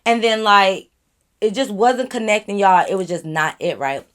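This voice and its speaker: A woman vlogger telling a casual storytime, animated and chatty, talking straight to her viewers. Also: mid-range voice, normal speed.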